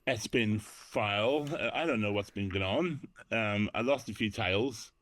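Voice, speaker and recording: A man's voice: on the low side, a little slow, fairly bright tone, no echo. A middle-aged man from Northern Ireland, chatting casually as an interview guest, self-deprecating with frequent ums. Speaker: guest, actor and DJ.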